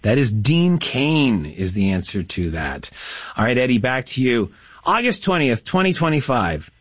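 A man's voice: mid-range voice, big pitch swings, moderate pace, no echo. A man hosting a radio call-in trivia quiz, chatty and encouraging with the callers. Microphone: studio broadcast mic. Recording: slightly dull, dry studio mic.

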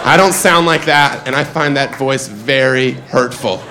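A man performing a stand-up comedy set on stage, laughing at his own jokes and breaking into loud put-on voices. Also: medium pitch, moderate pace. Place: comedy club stage before a crowd. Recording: live club recording with crowd noise. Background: audience laughter.

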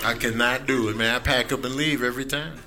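A man's voice: brisk, some chatter behind. A middle-aged man doing a stand-up set, acting out his friends and sons in voices. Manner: animated, acts out friends and family in high voices. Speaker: stand-up comedian. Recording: live club set with clear background noise.

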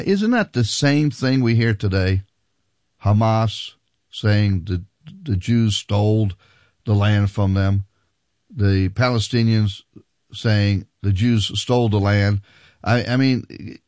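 A man's voice: lowish voice, darkish tone, no echo, clean studio sound. A man preaching a sermon and reading scripture aloud, speaking emphatically and building intensity as he goes.

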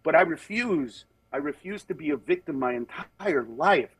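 Animated, high-voiced comedian telling stories. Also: male voice, normal speed, breathy edge, no room sound. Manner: animated storyteller who acts out other people's voices. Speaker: stand-up comedian. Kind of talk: casual podcast conversation.

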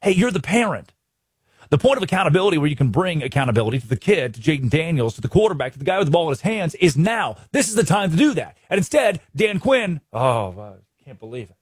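A man's voice: a little high, very animated, quick pace, husky, no room sound, studio quality. A man from Arkansas hosting a sports talk show, ranting emphatically and restarting his sentences. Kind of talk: animated sports commentary.

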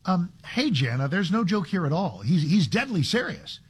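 A man's voice: sits high, sing-song, moderate pace, breathy edge. A man hosting a talk radio show, giving conversational commentary with frequent restarts and sarcastic asides.

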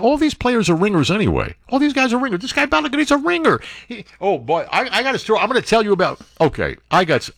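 Animated, rambling male radio host. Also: medium pitch, no echo, studio quality. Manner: rambling, self-interrupting. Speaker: radio talk show host. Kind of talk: casual talk radio monologue.

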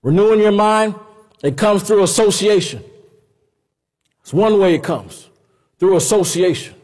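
A man preaching a sermon in a conversational, animated way. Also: high-pitched, unhurried, in a large hall. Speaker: pastor.

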